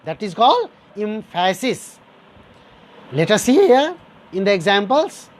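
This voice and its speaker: Male teacher, grammar lesson, slow deliberate delivery, lively rising and falling pitch, repeats examples. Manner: repeats example sentences, explains step by step; addresses listeners as dear students.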